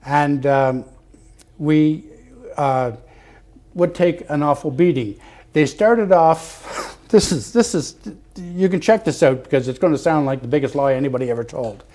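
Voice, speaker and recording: An older man from Canada, a retired fire captain, telling stories as a guest in an interview, acting out the dialogue with loud animated bursts. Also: fairly high pitch, measured pace. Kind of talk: anecdotal interview storytelling. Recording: television studio interview.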